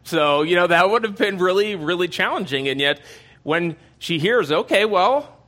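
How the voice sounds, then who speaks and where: A man's voice: high-pitched, animated, normal speed, pushed and bright. A man giving a casual Bible teaching in a conversational way, with many fillers and asides.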